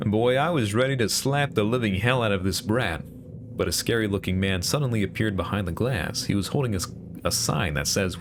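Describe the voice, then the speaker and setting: Low-voiced man narrating a game. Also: animated, brisk, music in the background. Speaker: VTuber narrating a story game. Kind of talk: first-person game narration.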